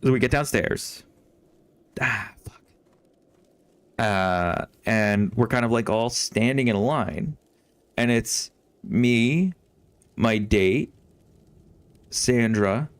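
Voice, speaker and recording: A man's voice: mid-range voice, slow, long pauses, smooth, no room sound. A young man streaming a game and telling a long story in a rambling, profane way, with lots of fillers and restarts. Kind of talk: casual storytelling while gaming.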